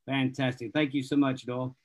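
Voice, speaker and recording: A man's voice: medium pitch, little pitch movement, a little fast. A man casually hosting an online networking event, handing over to speakers and joking about being bad with names. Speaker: host. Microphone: video call. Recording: dull lo-fi video call audio.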